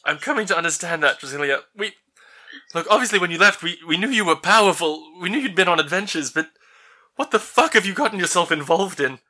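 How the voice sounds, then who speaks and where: A frantic older father bursts out in a high, strained voice, stressing every word. His tone is bright and sharp, as a man puts him on at the game table. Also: expressive, fast, heavily acted. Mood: exasperated.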